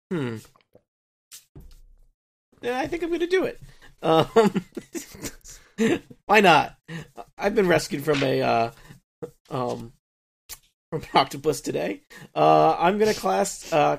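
A man's voice: on the high side, animated, takes it slowly, vocal fry, long pauses. A man playing a tabletop game, thinking aloud hesitantly with lots of ums as he explains his spell. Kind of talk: casual tabletop game talk.

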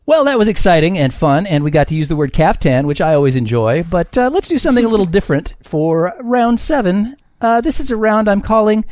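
A man's voice: sits high, big pitch swings, brisk, hardly any pauses, darkish tone, no echo. A man runs a comedy quiz game on a podcast, his voice swinging widely up and down as he reads scores and answers. His delivery is wry and self-mocking, and the recording is dry and close with no room sound. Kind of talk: casual podcast game hosting.

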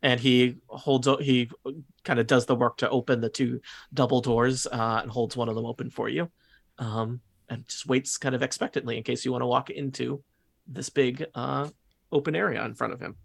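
Game master, male, mid pitch, halting narration with lots of fillers. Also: steady tone, vocal fry. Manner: hesitant, many fillers and restarts.

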